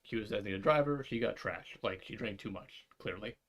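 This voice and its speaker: Fast-talking man telling a rambling story. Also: lowish voice, a bit bright, lo-fi sound. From New York area. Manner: rambling and profane, acts out quoted voices. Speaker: podcast co-host. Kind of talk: casual storytelling chat.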